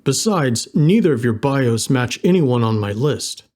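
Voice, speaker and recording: A man reading an audiobook, voicing a large, bearded, self-important guard who speaks slowly and suspiciously. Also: medium pitch, animated, a little mellow, close to an everyday voice. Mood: officious. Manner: officious, slow and suspicious.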